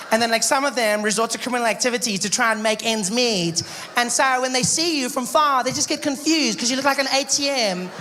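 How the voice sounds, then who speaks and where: A woman doing stand-up with a sarcastic, deadpan delivery, her voice pitched a little high. The stage recording carries a clear wash of background noise behind her. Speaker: stand-up comedian. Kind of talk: stand-up comedy.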